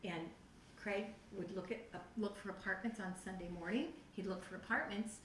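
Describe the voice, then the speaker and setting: A middle-aged woman telling her personal testimony to a youth group, animated and acting out her own past reactions. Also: mid-range voice, normal speed. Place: church youth room. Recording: echoey room, voice from far off the mic, faint noise.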